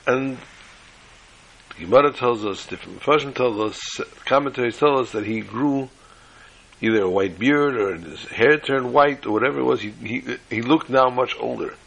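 A man's voice: medium pitch, normal speed, creaky, a bit bright, husky, low-quality recording. A man teaching a sermon-style class on the Haggadah, telling a joke and peppering his talk with Hebrew and Yiddish terms. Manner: storytelling, uses Hebrew and Yiddish terms, restarts often.

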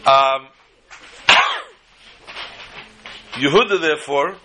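A man's voice: fairly high pitch, very slow, bright, forceful tone, slight background noise, rough recording. An older man teaching a Torah class, mixing teaching with jokes and storytelling asides.

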